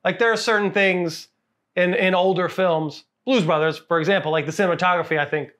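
High-pitched guy on a movie podcast, laughs a lot, trips over words repeating them. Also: brisk. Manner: animated, laughing, repeats words while searching. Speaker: podcast co-host. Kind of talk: casual movie review chat.

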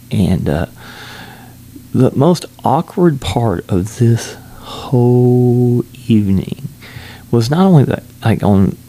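Gravelly, low-voiced man telling a rambling story. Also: mellow. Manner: rambling, amused, lots of fillers and restarts. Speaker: solo traveler telling a story. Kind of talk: casual storytelling vlog.

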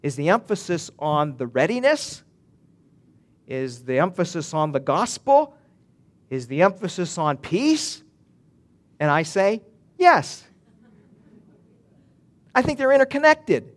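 Earnest preacher man, slightly high voice. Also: sing-song, takes it slowly, long pauses. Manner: earnest, rising emphatic swells, frequent restarts. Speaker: pastor. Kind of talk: sermon.

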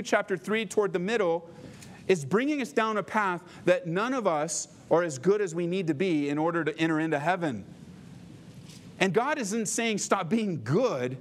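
A man pastor preaching a sermon, animated and conversational, slowing down to read scripture aloud. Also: high voice, a little hiss or hum.

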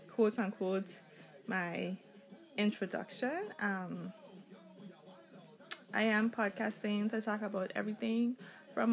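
A woman's voice: fairly high pitch, vocal fry, low-quality recording. A young adult woman with a Caribbean accent, hosting a casual solo podcast in a rambling, chatty, candid way. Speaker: podcast host.

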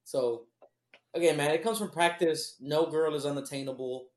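A man with a fairly high voice trading crude jokes in a casual podcast. He talks in a loose, profane, animated way, and the room around him rings with echo. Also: normal speed. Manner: profane, joking, animated storytelling. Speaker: podcast co-host.

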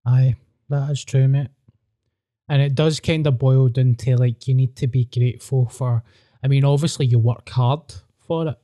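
Mellow-voiced blunt Scottish comedian. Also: male voice, medium pitch, steady tone, normal speed, no room sound, clean studio sound. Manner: blunt, self-mocking storyteller. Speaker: stand-up comedian. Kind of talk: casual podcast chat.

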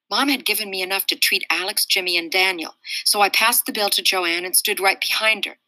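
A woman reading a children's novel aloud in a steady, expressive storytelling manner. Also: medium pitch, fairly quick, few pauses, dry recording, poor audio. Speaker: reader.

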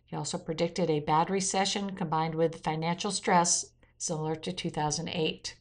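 A woman's voice: low voice, steady tone, normal speed. Woman reading a weekly news roundup. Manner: reads quotes aloud, adds blunt opinion asides. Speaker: news commentary host.

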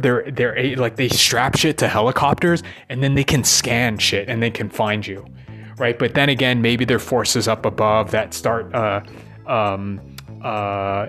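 A man of ordinary pitch rants at length in a loose, wandering monologue, swearing freely and asking for agreement after every few thoughts. Soft music plays quietly behind him. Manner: profane, ranting, keeps asking "right?". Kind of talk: rambling monologue.

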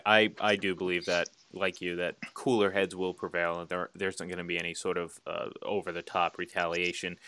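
A man co-hosting a casual sports podcast, with a very deep voice and a bright, forceful edge. He talks in an animated way, often repeating words as he restarts a thought. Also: dry recording. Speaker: podcast co-host.

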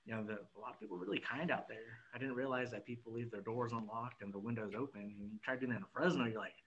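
A man's voice: medium pitch, fairly even intonation, fast, fairly bright tone. Young man, podcast guest, easygoing rambling chat, slightly dull audio with faint hum behind. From California, Central Valley. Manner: laid-back, rambling, laughs often. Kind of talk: casual chat.

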